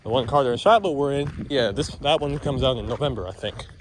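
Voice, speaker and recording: A man's voice: mid-range voice, fast talker, slight background noise. A man in a casual vlog, chatting and teasing the animals as he walks around an outdoor farm with a handheld camera. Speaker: vlogger. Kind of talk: casual vlog chat while walking. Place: outdoors at a farm or petting zoo.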